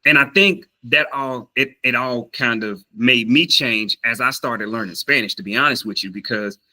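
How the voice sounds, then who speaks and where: A man's voice: medium pitch, normal speed, poor audio. A man with a Southern US accent, vlogging casually about learning a language, telling a story with lots of fillers and acting out voices. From Southern United States. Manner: animated, acts out quoted voices, many fillers and restarts.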